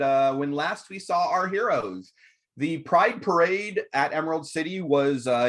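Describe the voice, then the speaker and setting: A man hosting as game master, recapping and running a tabletop roleplaying game with frequent ums and uhs. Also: mid-range voice. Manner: relaxed, many ums and uhs.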